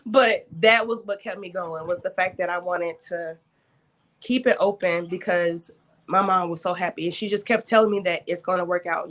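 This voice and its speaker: A woman's voice: fairly low pitch, fairly even intonation, normal speed, fairly bright tone. A woman who owns a beauty studio, talking casually in an interview, with frequent fillers. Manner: chatty, frequent fillers, laughs easily. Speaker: beauty studio owner, guest.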